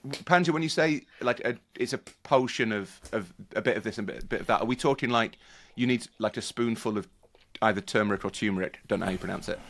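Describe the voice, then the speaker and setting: A man's voice: medium pitch, quick pace, gravelly, a bit bright, slight background noise. A man in a casual panel chat, thinking aloud with many restarts. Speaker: podcast panelist.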